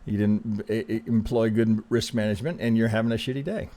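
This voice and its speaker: A man hosting casual chart analysis, speaking in a calm, reassuring way, often restarting sentences and checking in with "right?". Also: fairly low pitch, brisk. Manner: conversational, frequent restarts, ends thoughts with "right?". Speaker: trading analyst host.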